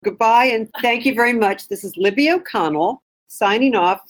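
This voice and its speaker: A woman's voice: fairly high pitch, normal speed, low-quality recording. A woman, the podcast host, thanking her guest and signing off the episode. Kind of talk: interview hosting.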